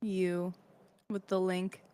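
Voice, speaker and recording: A woman's voice: fairly low pitch, flat delivery, takes it slowly, mellow, clean tone, no room sound. A woman co-hosting a podcast, mostly giving short laid-back replies with some dry joking. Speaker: podcast co-host. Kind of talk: casual chat.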